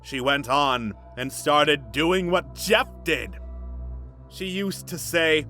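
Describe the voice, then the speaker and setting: A young man reads a story for comedy, dropping dry, mocking asides between the sentences. His voice is bright and crisp and sits slightly high for a man, with faint music playing underneath. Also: slow pace. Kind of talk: sarcastic dramatic reading with commentary.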